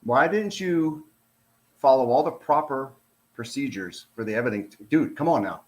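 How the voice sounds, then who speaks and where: A man's voice: mid-range voice, lively intonation, moderate pace, a little hiss or hum. A middle-aged man, a retired police officer, gives casual commentary on a released document. He talks in an exasperated, sarcastic, rambling way.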